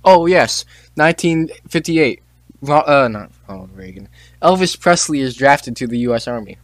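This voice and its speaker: A man's voice: mid-range voice, animated, moderate pace, no room sound. Teen guy reading history facts, dry. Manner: stumbles over names, joking asides. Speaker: podcast host. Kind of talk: casual chat, reading on-this-day facts.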